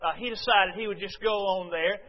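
Male pastor, high voice, storytelling sermon full of "uh"s, dull recording with long church echo. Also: brisk. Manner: storytelling with frequent "uh" fillers; addresses the congregation directly. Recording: dull, reverberant hall recording.

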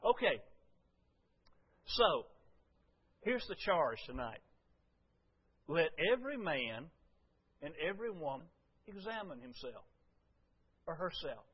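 A man preaching a folksy, storytelling sermon to his congregation, swinging from loud to hushed. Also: a little high, big pitch swings, slow pace, long pauses, husky, highs cut off. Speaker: pastor.

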